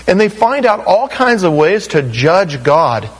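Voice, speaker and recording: A man's voice: sits high, big pitch swings, unhurried, slightly rough, low-quality recording. A middle-aged man preaching a sermon in a conversational way, acting out the quotes he tells. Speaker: pastor.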